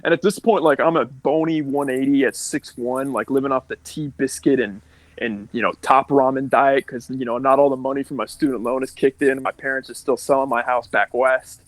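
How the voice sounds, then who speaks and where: A man's voice: medium pitch, fairly even intonation, brisk, no room sound, low-quality recording. A young man from California telling his life story as a podcast guest, candid and rambling, full of likes and restarts. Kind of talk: casual storytelling.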